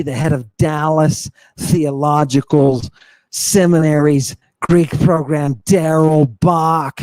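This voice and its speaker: A man hosting a live lecture for viewers, talking in a theatrical, mocking, preacher-like way and stressing his words slowly. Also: fairly high pitch, fairly even intonation, a little mellow, no echo. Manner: slow and emphatic. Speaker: host.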